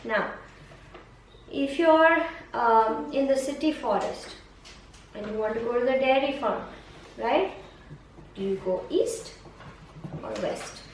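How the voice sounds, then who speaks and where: A patient woman teacher coaxing a young student through a map lesson, repeating questions and giving praise. Her voice sits high. She is heard from a distance in a very echoey room with faint background hiss. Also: animated, slow. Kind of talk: one-on-one map-reading lesson.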